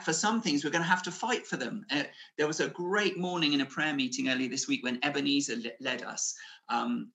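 A man's voice: mid-range voice, gravelly, pushed and bright. A man preaching a sermon over a video call, earnest and conversational, with fillers and restarts, rising to emphatic declarations. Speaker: pastor.

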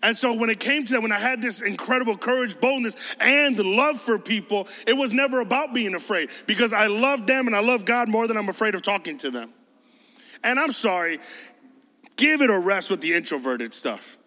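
Speaking a little fast with lively intonation, a pastor gives an emphatic, conversational sermon in a high, bright, forceful voice. His words resound with a long, hall-like reverb, and he uses mocking voices to make his points.

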